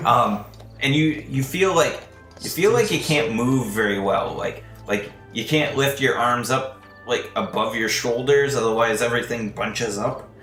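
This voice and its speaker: A man's voice: medium pitch, fairly bright tone. A man narrating as game master in an easy, rambling way, full of fillers. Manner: slow, loose, full of fillers. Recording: roomy echo, faint music.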